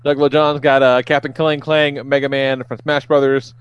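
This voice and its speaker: A man's voice: mid-range voice, level tone, clear, resonant tone, no room sound. Dry-voiced man hosting a podcast. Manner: loose and profane, lists entries briskly. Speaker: podcast host running a game segment. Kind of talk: casual podcast chat.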